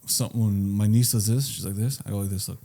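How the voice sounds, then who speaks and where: A man co-hosting a casual comedy podcast, relaxed and joking, often dropping into quiet low asides. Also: brisk, creaky. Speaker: podcast co-host.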